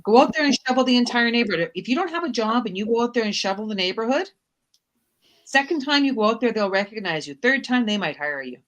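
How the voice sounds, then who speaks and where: A woman's voice: a little high, expressive, fast, fairly bright tone. A woman hosting a casual chat show, talking in an upbeat, motivational way. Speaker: host.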